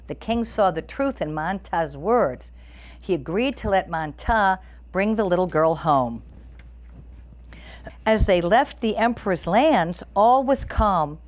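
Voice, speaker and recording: A woman reading a storybook aloud to listeners as the storyteller, expressive and animated. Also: medium pitch, slow pace.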